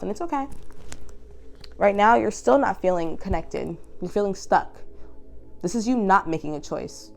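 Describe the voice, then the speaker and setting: A young woman giving a tarot reading, emotional and animated, slowing down to stress her points. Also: mid-range voice. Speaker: tarot reader.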